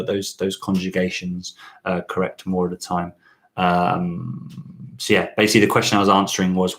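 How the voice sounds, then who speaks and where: A man hosting a relaxed question-and-answer chat about learning French, rambling with many fillers and restarts. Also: low voice. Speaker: channel host teaching French.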